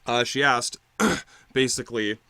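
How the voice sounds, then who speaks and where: A man's voice: medium pitch, lively intonation, slow, bright, forceful tone, clean tone, no room sound. A man leading an improvised space-mission role-play in casual chat, talking loosely with many fillers, restarts and swearing.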